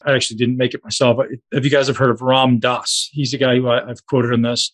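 A man's voice: medium pitch, flat delivery, brisk. A man coaching a group on a call, talking casually and directly to his listeners.

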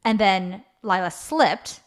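A woman in her thirties co-hosting a podcast, telling a family story in a casual, animated way. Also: mid-range voice, takes it slowly. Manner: animated storyteller, acts out quoted voices. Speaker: podcast co-host.

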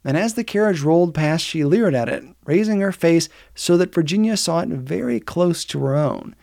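A man reading a novel aloud in steady, measured narration, lifting his voice for the characters' lines. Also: on the high side, creaky, no room sound, clean studio sound. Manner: steady, measured storytelling, lifting the voice for quoted speech. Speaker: audiobook reader. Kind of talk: scripted narration.

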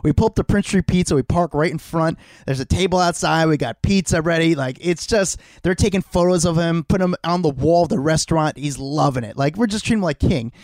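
Animated storytelling man, dry close sound. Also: fairly high pitch, brisk, few pauses, no echo. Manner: animated, swears freely, acts out quoted voices. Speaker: podcast co-host. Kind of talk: casual storytelling chat. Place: home.

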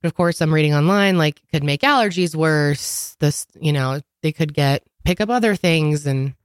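A woman's voice: low-pitched, normal speed, clear, resonant tone, dry recording, clean studio sound. A woman co-hosting a casual podcast chat, congested with a sore throat, rambling with lots of fillers. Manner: rambling, filler-heavy, laughs often. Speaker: podcast co-host.

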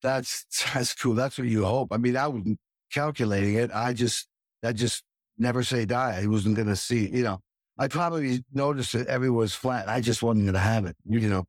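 A man hosting a casual chat, an animated storyteller who acts out quotes. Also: medium pitch, moderate pace, dry recording, studio quality. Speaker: podcast host, drummer.

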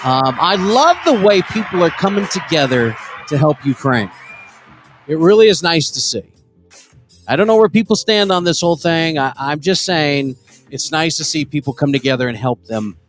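Crude, animated man hosting a comedy podcast. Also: a little high, soft background music. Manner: crude, joking, animated, quick to laugh. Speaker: podcast co-host. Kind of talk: casual comedy podcast banter.

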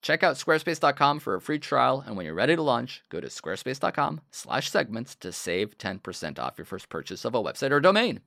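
A man's voice: mid-range voice, very animated, a little fast, gravelly, hardly any pauses, sharp tone, no room sound, studio quality. A man co-hosting a podcast, reading a sponsor ad in a casual, jokey way. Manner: jokey, riffs during the ad read. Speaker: podcast co-host reading ads. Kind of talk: casual ad read.

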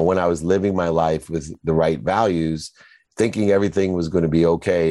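A middle-aged man tells his story as an interview guest with strong emphasis. His voice sits very low and sounds dark and mellow. The recording is dry and close. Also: no echo.

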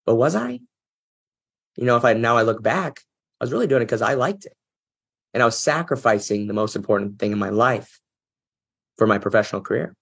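Speaking fast in a lowish, slightly bright voice with a breathy edge, this man is a business executive guesting on an interview podcast. He shares a personal story earnestly and reflectively, with moments of emotion.

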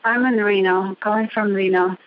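A woman's voice: medium pitch, fairly even intonation, brisk, phone-quality sound, a loud crowd. A woman calling in from a gym bathroom, out of breath and hesitant, searching for her words. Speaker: caller.

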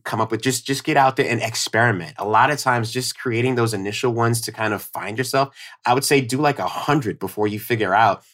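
A man's voice: lowish voice, a bit bright. A man with a New York accent, a podcast guest talking casually about content strategy, rambling with many fillers and restarts. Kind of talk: casual chat.

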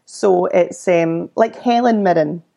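Scottish woman, thirties, low gravelly voice, mellow tone, chatty storyteller. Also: slow pace. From Scotland. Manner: chatty storyteller who acts out quoted voices. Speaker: podcast guest. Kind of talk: casual interview chat.

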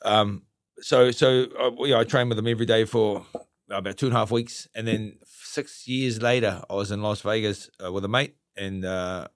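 A middle-aged man with a New Zealand accent, a guest telling stories in casual chat, halting with many fillers and restarts. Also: fairly low pitch, fairly even intonation, no echo, studio quality. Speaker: guest, retired boxer.

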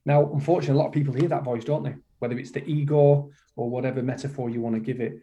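On a lo-fi recording, a middle-aged man from the UK appears as a podcast guest, a kindness coach speaking very fast in a warm, medium-pitched, steady voice. In this interview conversation he is passionate and emphatic, circling back to repeat his key phrases.

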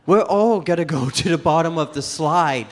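A man's voice: fairly high pitch, moderate pace, slight background noise. A man doing stand-up comedy on stage, telling a story and acting out the other people's voices. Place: comedy club stage before a live audience.

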